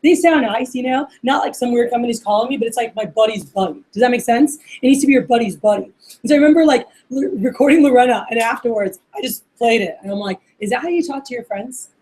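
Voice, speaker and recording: A woman's voice: fairly high pitch, fast talker, mellow, poor audio. A woman running a workplace training session for receptionists, chatting casually and acting out sample phone calls. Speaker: office manager training receptionists.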